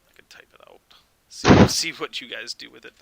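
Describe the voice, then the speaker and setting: A man's voice: fairly quick, low-quality recording. A man narrating as dungeon master in a tabletop game, casual with lots of filler words and laughs, on a close mic.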